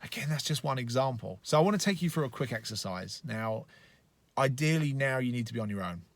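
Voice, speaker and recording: A man's voice: mid-range voice, lively intonation, a little fast, dry recording. A male life coach giving a casual, blunt motivational training talk with plenty of profanity, speaking from inside a car.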